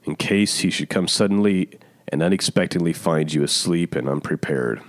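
A man preaching with urgent, emphatic insistence, returning to his point again and again. His voice sits low. The sound is dry and close, with no room around it. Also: moderate pace, no echo. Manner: urgent, emphatic, repetitive exhortation. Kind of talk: online sermon teaching.

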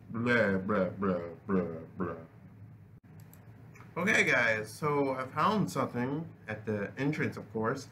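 A man's voice: mid-range voice, pushed and bright, slight background noise. A young man giving casual, profane gameplay commentary, rambling and restarting his sentences. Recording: game music playing behind voice.

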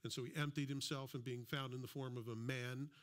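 A man preaching a sermon in a casual, conversational way, reading scripture slowly and acting out little everyday exchanges. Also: medium pitch, fairly even intonation. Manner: conversational, plays out little imagined dialogues; slows down to read scripture aloud. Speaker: pastor.

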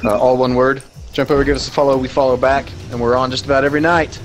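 A young man streaming a car soccer game, chatting casually with crude jokes and shouting at plays. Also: medium pitch, level tone, fast talker, slight background noise, low-quality recording.

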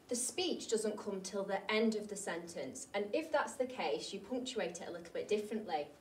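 A woman's voice: medium pitch, reverberant, distant mic. A woman teaching a primary school lesson who speaks straight to the children. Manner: bright, addresses the children directly. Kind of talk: classroom lesson explanation.

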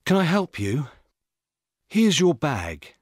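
A man's voice: a little high, wildly swooping pitch, takes it slowly, no room sound, studio quality, pitched above the performer's own voice, heavily acted. A man reading the part of a young male jogger, defensive and indignant. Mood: polite.

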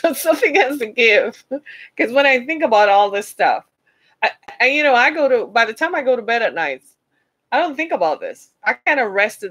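Lady giving a fired-up motivational talk, bit higher voice, preachy punchy delivery. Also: a bit bright, low-quality recording. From United States. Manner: emphatic, preacher-like, calls listeners "y'all". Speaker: speaker addressing listeners.

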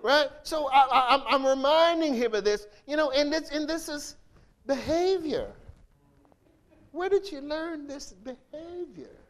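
Animated, lively-voiced male preacher. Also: very high-pitched, a little slow. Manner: animated, conversational, laughing, call-and-response. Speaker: bishop, preacher. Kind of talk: sermon.

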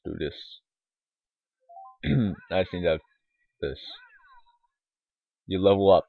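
A man's voice: low-pitched, takes it slowly, gravelly, dry recording. A man giving casual, rambling let's-play commentary, mumbling asides with lots of fillers, on a tinny, lo-fi mic. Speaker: gaming YouTuber. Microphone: desktop microphone.

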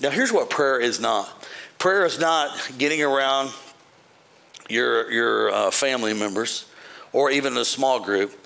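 A male pastor preaching a sermon with jokes, swinging between shouted praise lines and quiet, dry asides to the congregation. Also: medium pitch, creaky.

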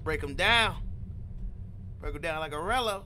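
A man playing through a horror game, reacting out loud in jumpy, slangy commentary and talking to himself. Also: on the high side, lively intonation, moderate pace, background noise. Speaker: gaming channel host.

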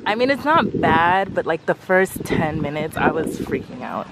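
Excitable young woman vlogging outdoors. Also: lowish voice, normal speed. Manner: excitable, nervous, says "you guys" often. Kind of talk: travel vlog chat. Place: outdoors on a trip. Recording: loud outdoor noise.

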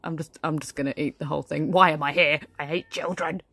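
A woman's voice: low voice, steady tone, quick pace, a bit bright, dry recording. Snobbish aristocrat mother, played by a woman, grumbling, dry close sound. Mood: disdainful. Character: haughty aristocratic mother at a kids' party. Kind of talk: comic sketch monologue.

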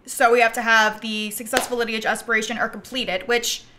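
A young woman live-streaming a life-sim game, excitable and laughing often, swinging between squeals and low mutters. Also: fairly quick, slight background noise.

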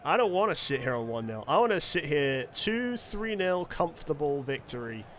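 A man, casually and excitably commentating his own football video game. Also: fairly high pitch, moderate pace, slight background noise. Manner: excitable, chatty, self-correcting. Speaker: gaming commentator.

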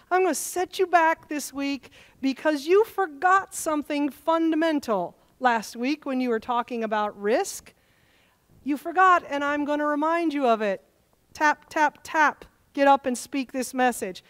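A high-pitched woman preaches from the pulpit of a church. She tells her stories with energy and acts out the voices in them as she goes. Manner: animated storytelling, acting out dialogue. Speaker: pastor. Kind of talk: sermon. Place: church sanctuary.

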